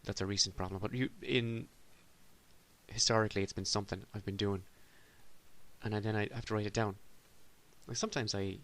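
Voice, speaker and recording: A man's voice: on the low side, steady tone, fairly quick, pauses often. A man from Ireland hosting a solo comedy podcast, rambling in a self-deprecating way with sudden exasperated outbursts. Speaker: podcast host.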